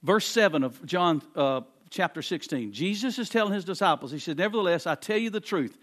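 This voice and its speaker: A man preaching from the pulpit, his voice sitting high for a man. He leans hard on repeated phrases and swings from hushed asides up to ringing declarations. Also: animated, a little fast. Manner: emphatic preaching, repeats phrases, swings between quiet and loud. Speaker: pastor. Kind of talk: sermon.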